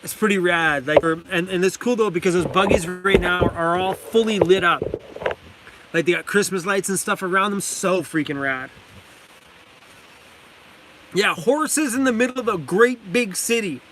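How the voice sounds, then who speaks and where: A man's voice: sits high, moderate pace, background noise. A man from Canada chatting casually on a live stream from his van, enthusiastic, laughing often and reading chat names aloud. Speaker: vlogger hosting a live stream. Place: inside a parked van.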